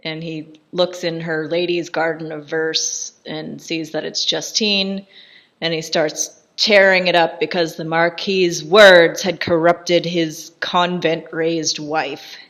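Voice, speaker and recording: Low-voiced woman chatting through a film. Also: flat delivery, slow, fairly bright tone. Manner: chatty, amused scene-by-scene retelling with frequent laughs. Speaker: film commentator. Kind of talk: casual film commentary.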